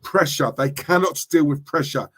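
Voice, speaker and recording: A man who hosts a football fan channel, ranting on a livestream and reading chat comments, forceful and impassioned, often checking in with "right?". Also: a little high, normal speed, slightly rough. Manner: impassioned, repeats "right?" to the audience.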